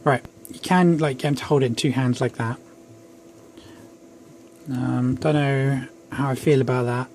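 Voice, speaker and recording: A man's voice: mid-range voice, steady tone, measured pace, long pauses, darkish tone. A young man casually reviewing an action figure at home, chatty and rambling with self-deprecating asides. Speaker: toy reviewer. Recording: faint background noise.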